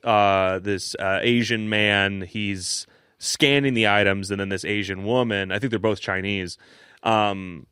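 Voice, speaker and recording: A man's voice: on the low side, a bit bright, clean tone, dry recording. Young male podcast co-host, casual rambling storyteller, dry close mic. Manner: rambling storyteller, lots of fillers and laughs. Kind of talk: casual chat.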